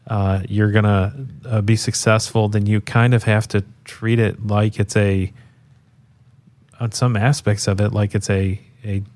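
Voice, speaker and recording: Male co-host, lower voice, relaxed rambling chat. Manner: laid-back, rambling with many restarts. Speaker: podcast co-host. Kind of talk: casual chat.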